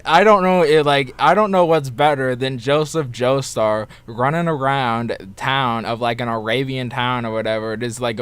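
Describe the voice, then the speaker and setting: A man on a casual panel, excitedly retelling a comic scene with lots of filler. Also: medium pitch, smooth, no room sound. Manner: excitable, animated storytelling.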